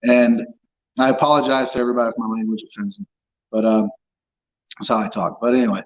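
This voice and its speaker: A man speaks candidly as an interview guest, his blunt, profane telling broken up by ums and restarts. His voice sits at an ordinary middle pitch. The audio is dull and lo-fi. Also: steady tone. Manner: blunt, profane, halting with fillers. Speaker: guest recounting a false confession. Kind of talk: candid personal storytelling.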